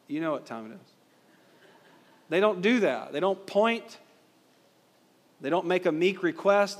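A male pastor preaching a sermon, emphatic and driving points home with rhetorical questions. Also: a little high. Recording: long reverb of a hall.

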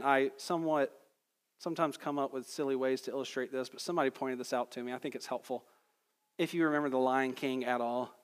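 A man's voice: fairly high pitch, big-room sound. A man preaching a sermon as a pastor, conversational and building to emphatic peaks.

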